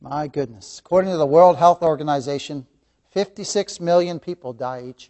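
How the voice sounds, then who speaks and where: A man teaching a church Bible lesson, impassioned, swinging between loud emphatic lines and hushed asides, often repeating key phrases and calling listeners beloved. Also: fairly high pitch, moderate pace. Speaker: Sunday school teacher.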